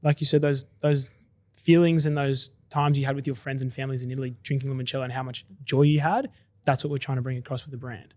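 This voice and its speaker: With no room sound, a medium-pitched, slightly mellow voice holds a level tone. It belongs to an Australian founder of a drinks company, chatting quickly and enthusiastically about his business in a casual podcast interview.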